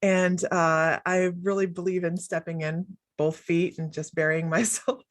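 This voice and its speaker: Middle-aged lady, lowish voice, bubbly and rambly, laughs a lot, casual chat. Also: fairly even intonation, a little slow, no echo. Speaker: guest, psychic medium.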